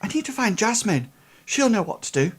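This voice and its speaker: A woman's voice: mid-range voice, sing-song, brisk, breathy edge, voice pushed up. A woman voicing a dazed, frightened young English man who keeps asking anxious questions.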